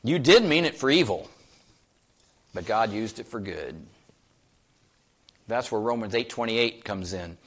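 A man's voice: on the low side, lively intonation, measured pace, long pauses, a bit bright. A man preaching a sermon. He speaks emphatically, asks his listeners many rhetorical questions, and quotes scripture in old-fashioned wording. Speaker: pastor.

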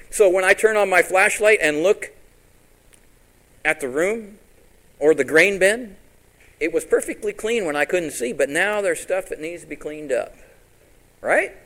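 Lively preaching man, slightly high voice. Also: low-quality recording. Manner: lively, asks the congregation rhetorical questions. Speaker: pastor. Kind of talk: sermon.

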